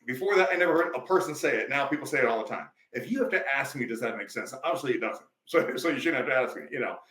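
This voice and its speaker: A man's voice: medium pitch, expressive, rapid-fire, fairly bright tone, reverberant, rough recording. A male life coach, a podcast guest, telling stories emphatically in a preachy, conversational way.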